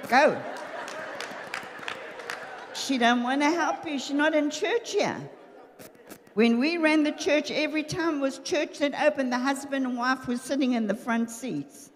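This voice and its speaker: Lively older woman preaching in a hall. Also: high voice. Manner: lively, humorous, acts out voices of husband and wives. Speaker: pastor's wife preaching. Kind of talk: sermon. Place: church hall.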